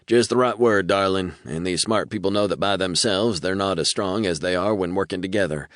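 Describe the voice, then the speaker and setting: A man's voice: low voice, fairly quick, fairly bright tone, no room sound, studio quality. A male audiobook narrator voicing a cocksure male soldier captain with a Southern American drawl. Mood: taunting.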